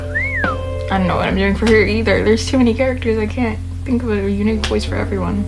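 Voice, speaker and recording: A woman's voice: mid-range voice, huge pitch swings, a little fast. A young woman reading a story aloud casually, chatting and commenting on her own reading. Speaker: story reader. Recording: clear music underneath.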